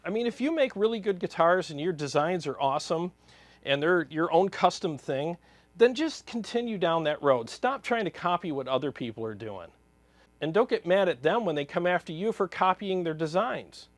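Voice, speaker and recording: Brief: fired-up man with a higher voice ranting bluntly in a dry-sounding room. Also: animated, moderate pace, no echo. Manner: blunt, heated, exasperated. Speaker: guitar channel host. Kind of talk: opinion rant to camera.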